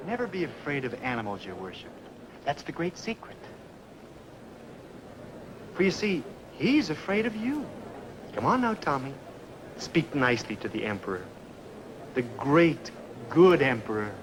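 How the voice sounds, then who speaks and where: An actor playing a meek, humble tailor slave, coaxing and soothing in 1950s film style. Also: male voice, on the high side, big pitch swings, measured pace, pauses often. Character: meek gentle tailor slave, middle-aged man, fond of animals. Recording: old film soundtrack with noise.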